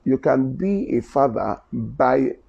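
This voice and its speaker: A Nigerian-accented man preaching, his voice gravelly and dark in tone. He reads scripture aloud and drives his points home with rising, impassioned stresses. The recording is dull and lo-fi. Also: mid-range voice, expressive, takes it slowly. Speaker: Bible teacher. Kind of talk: sermon-style teaching.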